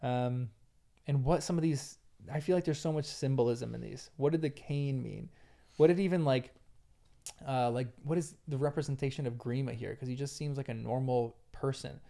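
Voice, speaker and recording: A man's voice: mid-range voice, normal speed, vocal fry, dark tone. A man co-hosting a casual book discussion, talking enthusiastically and rambling with lots of "like". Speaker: podcast co-host.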